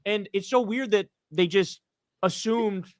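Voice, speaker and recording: A man's voice: sits high, a little slow, a crowd in the background. A man, a political commentator, ranting in a heated, profane, casual podcast chat.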